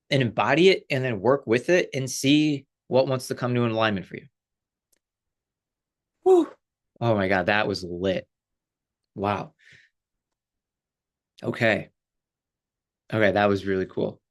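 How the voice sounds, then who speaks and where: A man, a life coach, giving a casual, animated spiritual talk with lots of fillers and frequent laughter. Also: mid-range voice.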